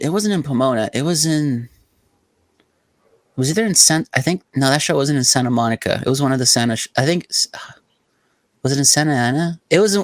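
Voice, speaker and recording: A man's voice: a little high, no echo. A young man from Southern California, co-hosting a podcast and telling rambling, profane stories full of "like" in casual chat. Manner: rambling, profane storytelling with frequent "like". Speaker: podcast co-host.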